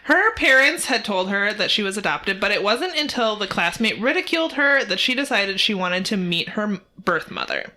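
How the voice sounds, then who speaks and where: A woman's voice: medium pitch, normal speed, few pauses. Dry-humored woman podcast storyteller. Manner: relaxed retelling with dry humor. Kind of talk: casual storytelling chat.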